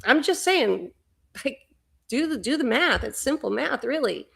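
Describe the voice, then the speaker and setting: A woman's voice: high-pitched, sing-song, unhurried, creaky, fairly bright tone, slightly rough. A middle-aged woman hosting a livestream, talking fervently in a rambling spiritual monologue and often repeating words. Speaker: livestream host.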